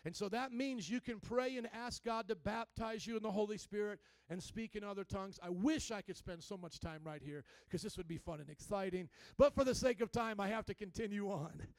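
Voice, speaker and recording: A man with a strikingly high, smooth and resonant voice preaches a sermon, calling out questions to his congregation and climbing to near-shouts. The sound is dry and close, with no room around it. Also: normal speed, dry recording. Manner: call-and-response preaching, rising to near-shouts. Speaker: pastor.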